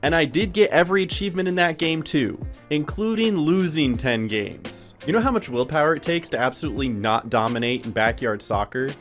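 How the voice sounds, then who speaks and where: Gamer lady yelling at the game, pitch all over the place, lowish voice, soft music behind. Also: brisk, hardly any pauses. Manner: excitable, shouting in surprise, joking. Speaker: video essayist and gamer. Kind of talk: casual gameplay commentary and narration.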